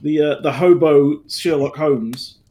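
A man chatting as a player, joking in a wry, deadpan way. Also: on the high side, slow. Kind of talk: casual chat among friends.

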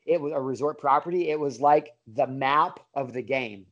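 A man's voice: medium pitch, normal speed. Laid-back bro-talking man, lo-fi sound. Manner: laid-back bro slang, many fillers and restarts. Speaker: podcast guest. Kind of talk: casual storytelling. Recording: dull lo-fi audio.

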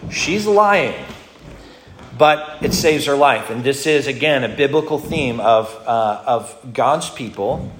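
A man's voice: medium pitch, animated, slow pace, a bit bright. A male pastor giving an expository sermon in a conversational teaching manner, often restarting his phrases. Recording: roomy hall echo, faint noise.

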